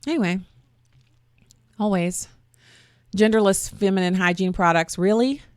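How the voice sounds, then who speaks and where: A woman's voice: medium pitch, measured pace, clear, resonant tone, no echo, studio quality. A middle-aged woman hosting a talk radio show, chatty and sarcastic with folksy asides. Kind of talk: opinionated talk radio monologue.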